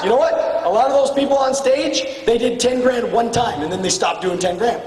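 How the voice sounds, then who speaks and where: A man giving a blunt, profane motivational speech to a room of salespeople, swinging between shouting and low, intense tones. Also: lively intonation, a little fast, few pauses. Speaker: motivational speaker at a sales retreat. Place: large hall with an audience. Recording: echoey hall from far off with faint ambience.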